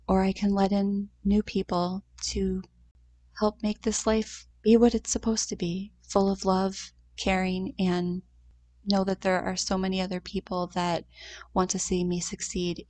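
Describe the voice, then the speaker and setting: A woman in her thirties telling a personal story in a heartfelt, conversational way, with short pauses and fillers. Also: medium pitch, darkish tone, no echo. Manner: heartfelt, conversational, acts out quoted voices. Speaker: mother sharing a grief story.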